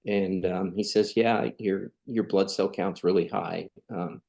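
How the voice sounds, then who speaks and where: Low gravelly middle-aged man telling a story. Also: steady tone, a little slow, a little mellow. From California. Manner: earnest, conversational, acts out quoted dialogue. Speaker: podcast guest. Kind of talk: storytelling in a casual interview.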